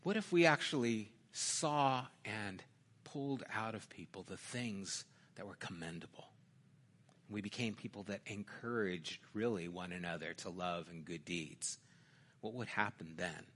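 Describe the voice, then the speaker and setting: A middle-aged pastor with a lowish voice preaches a sermon in an unhurried, conversational way. He swings from loud emphasis down to quiet, intimate asides.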